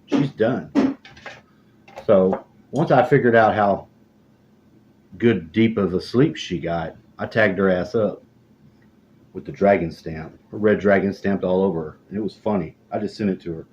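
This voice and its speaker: A middle-aged man telling rambling stories in a casual, profane, deadpan way. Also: low-pitched, a little slow, long pauses, muffled recording, slight background noise. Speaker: storyteller. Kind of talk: casual storytelling monologue.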